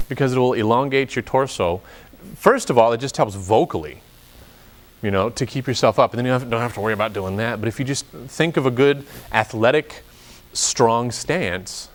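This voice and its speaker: A man leads an opera workshop rehearsal, coaching his singers in a chatty, joking way that wanders into anecdotes. His voice sits in an ordinary middle register. A faint hiss runs underneath. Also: mid-range voice. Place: rehearsal room.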